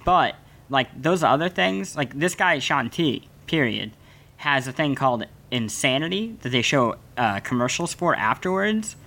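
A man in his twenties co-hosting a casual comedic podcast, talking with wry, deadpan-ish delivery. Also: mid-range voice, a little slow, creaky. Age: 20s. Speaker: podcast co-host.

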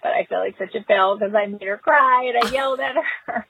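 A woman's voice: mid-range voice, a little fast, creaky, pushed and bright, a little hiss or hum. A mother leaving a voicemail, telling a rueful, self-mocking story about her own parenting slip. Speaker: caller. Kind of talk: voicemail confession. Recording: tinny phone-line voicemail.

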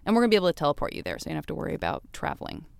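Smooth low-voiced woman podcast host. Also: wildly swooping pitch, no echo, clean studio sound. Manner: playful, chatty, quick to laugh. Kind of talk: casual interview chat.

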